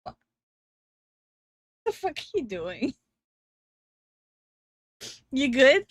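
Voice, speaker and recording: A young woman talks slowly and unhurriedly in a fairly high voice, giggling and teasing as she chats on a stream. The sound is dry and close, with no room echo. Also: big pitch swings. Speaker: streamer and co-host. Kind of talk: casual stream chat.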